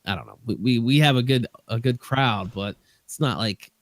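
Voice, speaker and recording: A man's voice: mid-range voice, normal speed, no echo. A man speaking as a guest on a casual online call, telling his story at length. He rambles and hedges and keeps restarting his sentences. The sound is dry and close, recorded over a voice call. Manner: rambling, hedging, many restarts. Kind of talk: casual stream chat.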